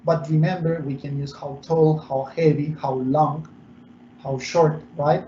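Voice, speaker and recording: A man's voice: fairly high pitch, little pitch movement, dark tone, a little hiss or hum. Male English teacher, echoey. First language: Spanish. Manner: explains slowly, switching between English and Spanish. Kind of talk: bilingual online English lesson. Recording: echoey muffled room recording.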